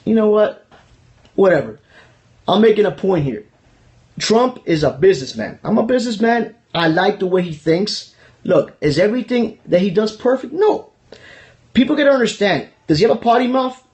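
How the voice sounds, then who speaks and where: A man's voice: sits high, expressive, moderate pace, a little mellow. A man from Miami hosting a political commentary video, ranting in a heated, profane, repetitive way. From Miami, Florida. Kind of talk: casual political rant.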